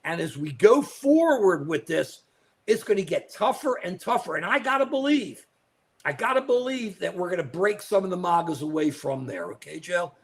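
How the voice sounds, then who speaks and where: A man's voice: sits high, animated, moderate pace. An older man co-hosting a live political talk show, delivering outraged, emphatic commentary, repeating phrases and turning to his co-host by name.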